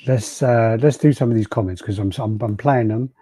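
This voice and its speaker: A man's voice: medium pitch, a little fast, dark tone, breathy edge, no room sound. A man hosting a podcast in easygoing chat, greeting viewers and reading out their comments. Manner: laid-back, reads out viewer names and comments. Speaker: podcast host. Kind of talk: casual chat. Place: podcast studio.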